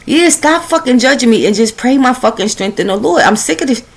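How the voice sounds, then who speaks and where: A woman telling a casual, profane story in a loud-and-hushed, animated way as a spiritual storyteller. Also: a little high, brisk, husky.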